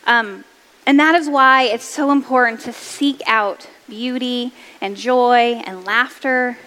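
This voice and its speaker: A woman's voice: on the high side, slow, pushed and bright, in a large hall. A woman around forty giving an upbeat motivational talk to mothers, chatty and self-deprecating, laughing easily. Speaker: speaker addressing mothers.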